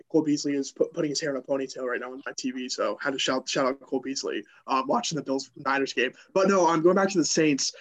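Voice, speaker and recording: Young guy on a phone line, rambling. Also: on the high side. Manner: loose, rambling, many restarts. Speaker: podcast co-host. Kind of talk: casual sports podcast chat. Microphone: phone call.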